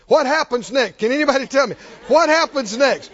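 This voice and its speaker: A man preaching a sermon as pastor, animated and repetitive, calling on the congregation to answer back. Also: very high voice, normal speed, few pauses, a faint crowd. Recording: dull lo-fi recording.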